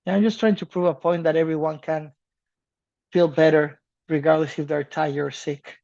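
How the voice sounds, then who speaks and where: A man from South America co-hosting a podcast in casual chat, animated and laughing, swearing casually. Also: on the high side, moderate pace, creaky, lo-fi sound. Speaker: podcast co-host.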